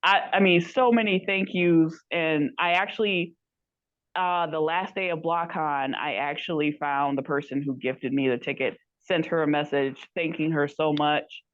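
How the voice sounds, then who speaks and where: A woman's voice: sits low, fairly even intonation, moderate pace, no room sound, highs cut off. A woman guest telling a story in casual chat, rambling and acting out the quoted lines of others. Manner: rambling, acts out quoted dialogue. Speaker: podcast guest.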